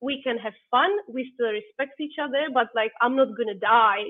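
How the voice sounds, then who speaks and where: A woman's voice: on the high side, moderate pace. A woman guest on a podcast, talking in an earnest, encouraging, casual way. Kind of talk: casual conversational interview. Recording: tinny phone-like call line.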